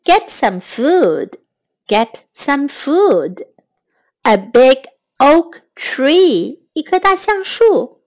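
A woman leads a bilingual English lesson for children, saying each phrase slowly and more than once. Her voice is high and animated, and her pace stays unhurried. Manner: slow, repeats each phrase, explains in Chinese.

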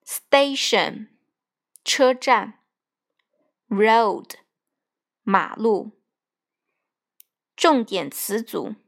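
Slow, precise woman. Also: a little high. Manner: deliberate, word-by-word drilling with translations. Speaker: English teacher. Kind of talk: bilingual textbook vocabulary reading.

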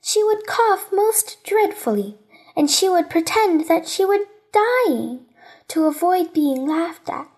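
A woman voicing a small, wistful boy prince from a storybook, speaking in an earnest, softly reflective way. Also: extremely high pitch, very animated, takes it slowly, heavily acted.

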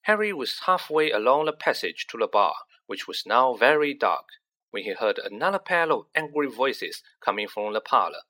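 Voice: mid-range voice, moderate pace. A narrator reading a children's story aloud, acting out each character. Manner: expressive, acts out each character. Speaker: audiobook narrator.

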